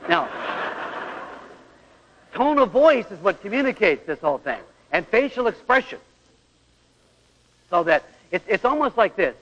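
Here the marriage speaker is very animated yet measured in pace, leaving long pauses, his high voice fairly bright. He asks rhetorical questions and acts out examples in an earnest lecture. A little hiss or hum sits under a dull radio recording with long hall echo.

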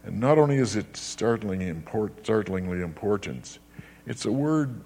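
With lively intonation and a moderate pace, an older man preaches forcefully, making big swings in pitch and loudness and often repeating phrases.

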